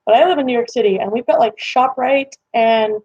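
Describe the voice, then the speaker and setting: Young woman, stream host, rambling casual chat at home, a bit high-pitched, slightly dull lo-fi mic audio. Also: a little fast, darkish tone, husky, dry recording. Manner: chatty, rambling, lots of fillers. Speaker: livestream host.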